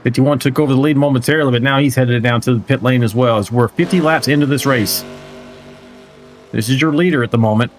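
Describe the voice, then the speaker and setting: A man's voice: medium pitch, fast talker. A man doing live play-by-play commentary of a simulated stock car race, chatty and joking, reading out viewer chat as he goes. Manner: conversational, reads viewer chat aloud, joking asides. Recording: race car engine noise behind. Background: racing car engines.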